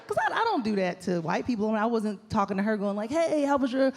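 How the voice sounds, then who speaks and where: A fast-talking woman with a mid-range voice works through a stand-up set at a club, telling lively stories and acting out the quotes of their characters. Laughter from the audience rises behind her.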